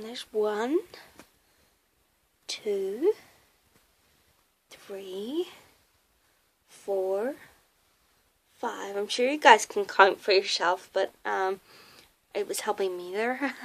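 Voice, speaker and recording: A woman's voice: a little high, vocal fry, fairly bright tone, low-quality recording. A woman who is losing her voice, chatting casually and hesitantly, with lots of fillers, as she shows off her doll collection in her home nursery. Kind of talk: casual show-and-tell video.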